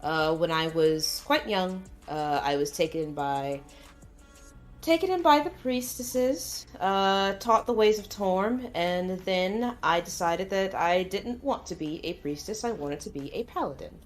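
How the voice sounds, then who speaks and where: Low-voiced woman role-playing a paladin. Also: animated, unhurried, soft background music. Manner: hesitant, many fillers and restarts. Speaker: tabletop player. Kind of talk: in-character role-play chat.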